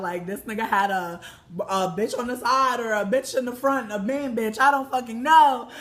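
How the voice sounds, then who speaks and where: A young woman telling a story in a casual, profane, animated way, breaking into loud exclamations. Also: fairly high pitch, normal speed.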